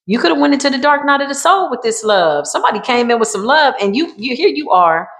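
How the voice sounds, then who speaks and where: A woman's voice: high-pitched, big pitch swings, quick pace, fairly bright tone. A woman doing a casual tarot card reading, talking in an emphatic, repetitive and colloquial way and calling her viewers y'all.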